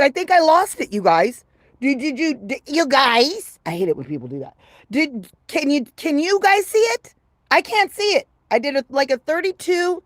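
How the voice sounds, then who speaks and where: Fifty-something lady rambling on her livestream, crude and brash, kinda high voice, dry close sound. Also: no room sound. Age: 50s. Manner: brash, profane and rambling, swings from low mutter to loud excitement. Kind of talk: casual livestream chat with viewers.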